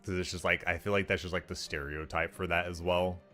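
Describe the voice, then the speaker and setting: Chatty low-voiced male streamer. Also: flat delivery, fairly quick, pushed and bright, faint music behind. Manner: rambling, chatty, laughs often, lots of fillers. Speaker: let's play streamer. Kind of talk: casual let's-play commentary.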